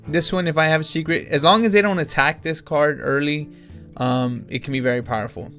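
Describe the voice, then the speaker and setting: Faint music plays behind a gaming channel host with a fairly high, slightly bright voice and fairly even intonation, speaking briskly. He comments casually on his card game as he plays, thinking aloud with frequent restarts and fillers, yawning and sounding a little tired.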